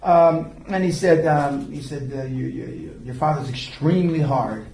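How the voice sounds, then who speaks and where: Heard from far away in an echoey seminar room, an older man gives a lecture as a speaker and mentor. His gravelly, darkish voice sits on the high side at normal speed as he bluntly rambles through profane stories.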